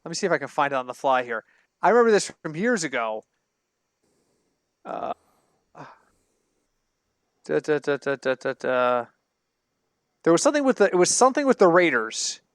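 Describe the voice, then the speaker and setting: High-voiced man rambling through sports gossip. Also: fast talker, pauses often, no room sound, clean studio sound. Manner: rambling, animated storytelling with self-corrections. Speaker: podcast co-host. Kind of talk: casual sports podcast banter. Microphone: home computer mic over online call.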